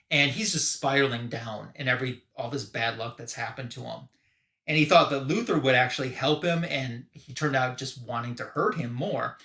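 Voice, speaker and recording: A man in a relaxed live-show recap, rambling through a comic plot with lots of "uh" and "you know." His voice sits at a middle pitch, and the room around him sounds noticeably echoey. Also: normal speed, creaky. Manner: rambling, filler-heavy retelling. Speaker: podcast host.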